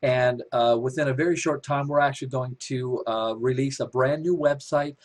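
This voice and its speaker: A man's voice: medium pitch, steady tone, moderate pace. Man presenting a business opportunity on a webinar, upbeat and salesy, full of fillers and restarts. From Canada. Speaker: company developer presenting a webinar.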